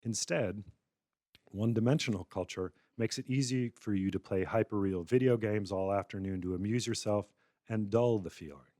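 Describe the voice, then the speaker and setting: A man's voice: fairly low pitch, moderate pace, dark tone, no echo, studio quality. A male lecturer giving a public talk, narrating a wry, satirical scenario. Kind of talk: public lecture, storytelling argument.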